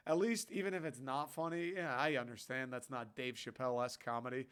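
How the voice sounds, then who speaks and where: A young man, hosting a podcast and ranting casually in a sarcastic, animated way, swearing often. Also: medium pitch, a little fast, few pauses, clear, resonant tone. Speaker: podcast host. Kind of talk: casual solo rant.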